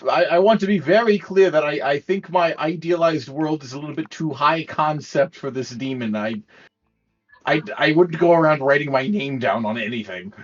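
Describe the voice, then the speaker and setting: A man's voice: a little high, normal speed, far from the mic. Guy playing a tabletop game, stumbly and wry, muffled stream audio. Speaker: player. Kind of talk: tabletop game role-play. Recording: dull lo-fi stream audio, faint music.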